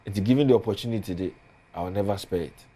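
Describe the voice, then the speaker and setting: A man's voice: fairly low pitch, rapid-fire, dark tone. A man with a Ghanaian accent, a politician guest on a studio talk show, speaking earnestly and building emphasis as he lists points.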